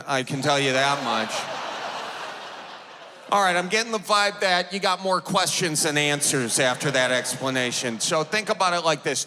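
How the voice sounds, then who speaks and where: Man, Wisconsin accent, stand-up comedian, fairly high voice, long hall reverb, audience noise. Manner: animated, shouting punchlines. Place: large theater stage. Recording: live theater, long reverb, crowd.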